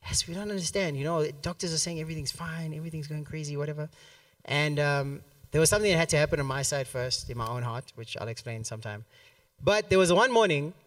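A man's voice: a little high, quick pace, dry recording, distant mic. A man preaching a sermon at a church service, telling a story and acting out the quotes with plenty of laughter. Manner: animated, acts out quotes, laughs often.

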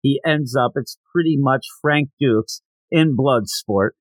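A man hosting a podcast who gives a casual, animated recap of a comic chapter, with jokey asides. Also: medium pitch, slow pace, no room sound, poor audio. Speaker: podcast host.

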